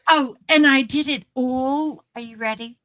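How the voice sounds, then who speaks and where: A woman's voice: high-pitched, measured pace, a bit bright, dry recording, rough recording. A woman co-hosting a casual chat show, telling rambling stories with lots of fillers. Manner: rambling storyteller with many fillers. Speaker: co-host.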